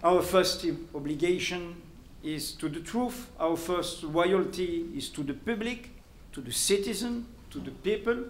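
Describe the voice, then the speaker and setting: French guy giving a talk, slow and high-ish, roomy hall echo. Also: slight background noise. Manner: deliberate, emphatic lists. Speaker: journalist, guest speaker. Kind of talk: prepared lecture. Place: lecture hall. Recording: roomy hall sound, faint ambience.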